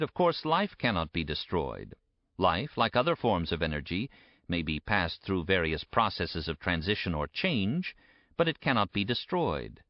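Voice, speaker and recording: A man giving a measured, emphatic audiobook narration. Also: fairly low pitch, no echo. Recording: dry, dull lo-fi recording.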